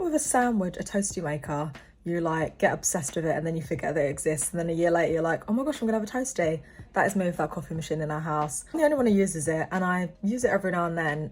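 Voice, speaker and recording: A woman's voice: lowish voice, a little hiss or hum. A young woman in her twenties chatting casually to camera in a home vlog, upbeat and talkative. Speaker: vlogger. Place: home, indoors.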